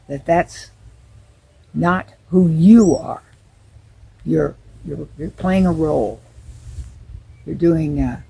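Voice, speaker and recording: A woman's voice: low voice, vocal fry, dark tone, a little hiss or hum, rough recording. An older woman, a retired teacher, talks through her thoughts in an earnest, musing monologue and often stops to repeat a word. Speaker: retired special education teacher. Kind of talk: reflective monologue.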